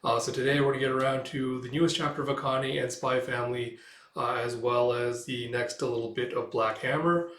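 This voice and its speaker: A man's voice: medium pitch, steady tone, brisk, a bit bright. A man hosting a casual comic read-through, talking in a laid-back way with many filler "uh"s. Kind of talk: casual read-aloud commentary. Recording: echoey room.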